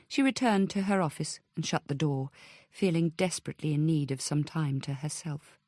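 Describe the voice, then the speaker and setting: Lower-voiced woman reading a novel. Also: normal speed, a little mellow, dry recording, clean studio sound. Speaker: audiobook narrator. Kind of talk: scripted narration.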